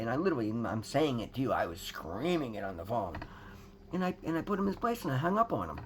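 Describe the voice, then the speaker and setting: A man's voice: medium pitch, huge pitch swings, quick pace, a little hiss or hum. A man giving an earnest, rambling personal testimony to his viewers, emphatic and calling them guys. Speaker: recovery vlogger.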